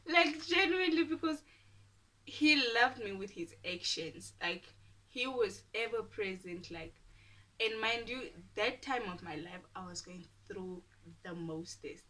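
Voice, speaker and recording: A young woman from Namibia, telling a storytime with animated, dramatic delivery and whispered asides. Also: fairly high pitch, a little slow, recorded from a distance. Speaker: YouTuber. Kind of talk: casual storytime.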